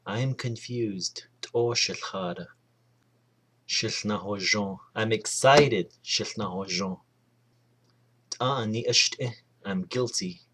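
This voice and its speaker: A man giving a casual spoken language lesson, saying each word slowly and deliberately and then repeating it. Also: medium pitch, fairly bright tone. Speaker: language teacher.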